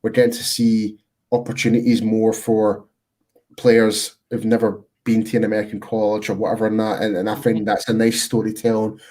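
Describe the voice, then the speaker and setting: A man's voice: fairly low pitch, monotone, brisk, mellow. Co-host, UK man, loose chatty delivery, lots of restarts and laughs. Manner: rambling, self-interrupting, laughs often. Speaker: podcast co-host. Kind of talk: casual fan chat.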